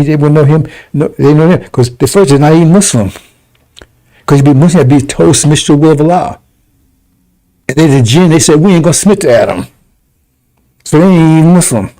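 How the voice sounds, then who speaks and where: A man's voice: a little high, mellow, rough recording. A man giving heated scripture commentary on a religious broadcast, scornful and rambling, with mocking laughs.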